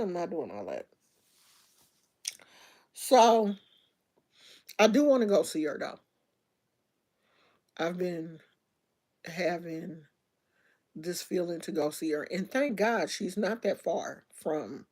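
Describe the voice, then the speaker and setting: A middle-aged woman hosting a livestream chats casually and speaks straight to her viewers, telling stories in loose, slangy speech with lots of restarts. Her voice is fairly low and a little mellow, with lively intonation, a slow pace, and frequent pauses.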